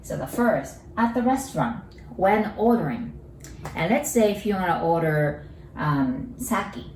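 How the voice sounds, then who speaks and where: A Japanese-accented woman gives a cheerful, patient language lesson and slows right down to model each word. Her voice sits a little low. She sounds a bit distant from the mic, in a room with a noticeable echo. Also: animated, darkish tone, slight background noise. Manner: upbeat, slow careful pronunciation drills.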